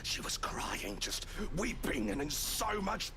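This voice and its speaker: An actor voicing a drunk, desperate man in a visual novel game, shouting and sobbing as he pleads to stay. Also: on the high side, sing-song, slow, a little hiss or hum, heavily acted. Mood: pleading, desperate.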